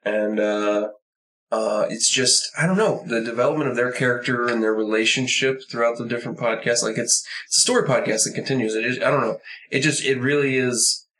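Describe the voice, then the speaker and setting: Halting casual podcast host, man. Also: mid-range voice, a bit bright, a little hiss or hum, rough recording. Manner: hesitant, halting, filler-heavy. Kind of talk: casual chat.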